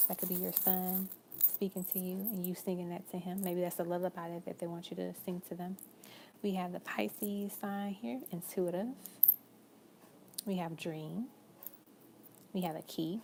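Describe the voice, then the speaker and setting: A young woman reads tarot on a live stream in a low, gravelly voice with a mellow, dark tone. She chats casually and affectionately, calling the viewer girl and love, over a faint hum in the background. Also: steady tone, a little fast. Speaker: tarot reader.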